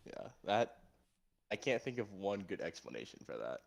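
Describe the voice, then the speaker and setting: A man's voice: low voice, normal speed, gravelly, crowd noise. A young adult man co-hosting a podcast, chatting casually and telling stories in an easygoing way. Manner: easygoing, relaxed storytelling with filler "like". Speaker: podcast co-host. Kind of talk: casual chat.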